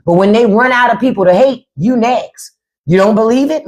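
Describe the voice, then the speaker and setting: A woman's voice: on the high side, moderate pace, darkish tone. A woman hosting a livestream, talking in a blunt, profane and sarcastic way. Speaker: livestream and podcast host. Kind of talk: unscripted livestream commentary.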